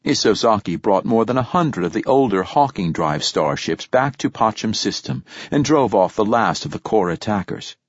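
A man reading an audiobook and voicing an earnest, short male priest who recounts events in a measured, informative way. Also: on the low side, expressive, no echo. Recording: dull, dry lo-fi recording.

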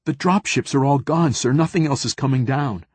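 A man's voice: mid-range voice, moderate pace, husky, dry recording, pitched above the performer's own voice. A man voicing a young male Marine lieutenant who stammers and hesitates under pressure. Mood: flustered.

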